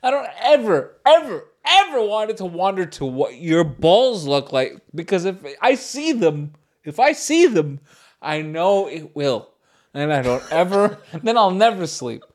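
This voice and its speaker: A man in his thirties, co-hosting a crude, casual comedy chat and laughing his way through animated, profane stories. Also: high-pitched, a little slow. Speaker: podcast co-host.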